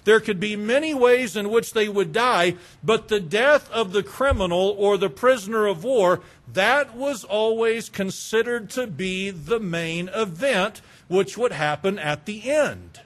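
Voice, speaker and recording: A male preacher delivering an expository sermon, slow and emphatic, stacking repeated phrases. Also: high-pitched, fairly bright tone.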